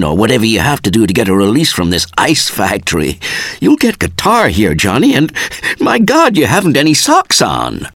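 A man voicing a young society gentleman who talks awkwardly and pleadingly, stumbling over fillers in a read-aloud story. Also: fairly high pitch, no echo, clean studio sound, voice pushed up, heavily acted. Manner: flustered, halting with fillers.

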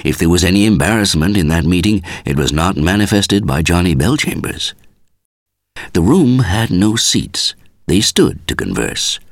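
A man reading a story aloud as scripted narration, measured and expressive. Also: low voice, gravelly, no room sound, clean studio sound. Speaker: audiobook reader.

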